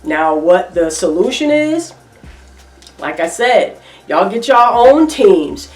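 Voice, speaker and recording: A woman's voice: mid-range voice, sing-song, slow pace, recorded from a distance, faint music behind. A middle-aged woman giving emphatic, repetitive opinion commentary in a reaction vlog, with features. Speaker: reaction vlogger. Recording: echoey room, voice off-mic.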